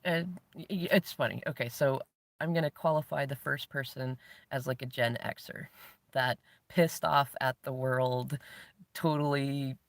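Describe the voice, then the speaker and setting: A man around forty, hosting his own show, tells a story in a reflective, spiritual monologue. He is animated and laughs often as he talks. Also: mid-range voice, unhurried, vocal fry, no room sound. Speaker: host.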